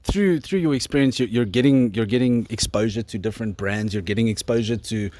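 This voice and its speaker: A man's voice: medium pitch, a little fast, mellow, dry recording. A man hosting a podcast, explaining things and putting questions to his guest in a casual interview. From South Africa. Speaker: podcast host. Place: outdoor garden.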